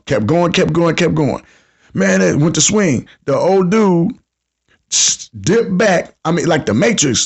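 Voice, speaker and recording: Guy in his 50s running a call-in podcast, kinda high voice, slangy, acts out everybody he's quoting. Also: lively intonation, moderate pace. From United States. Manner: storytelling slang-heavy, acts out quotes. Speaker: podcast host. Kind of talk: casual call-in podcast talk.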